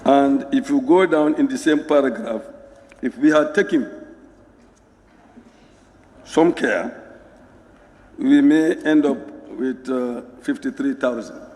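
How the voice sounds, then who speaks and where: Slow, dark-voiced man in parliament. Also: medium pitch. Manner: measured, formal. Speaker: member of parliament. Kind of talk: parliamentary speech. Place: parliament chamber. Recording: long reverb in a hall.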